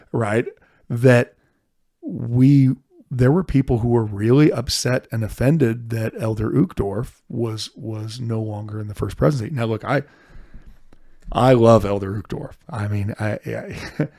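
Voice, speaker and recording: A middle-aged man, a podcast co-host, talking through history in an earnest, animated way. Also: medium pitch, vocal fry, dry recording, studio quality. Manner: earnest, animated, frequent restarts. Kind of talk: casual history discussion.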